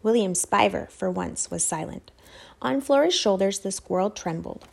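Brief: woman reading an audiobook, lively pitch, slightly gravelly. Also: normal speed. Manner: expressive, storytelling. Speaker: narrator. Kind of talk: audiobook narration.

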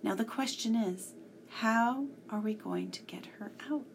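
A woman voicing a cautious male professor in whispered role-play, hushed and urgent. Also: mid-range voice, unhurried, gravelly, slight background noise.

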